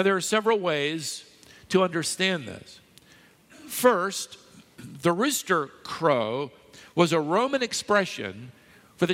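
Male preacher, sermon, emphatic, teasing the congregation, slightly high voice, long reverb of a big hall. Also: a bit bright. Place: large church hall with live audience.

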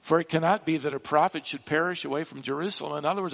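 A man preaching a sermon, slow and emphatic, with dramatic rises in pitch on key words. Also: vocal fry, fairly bright tone. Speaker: pastor.

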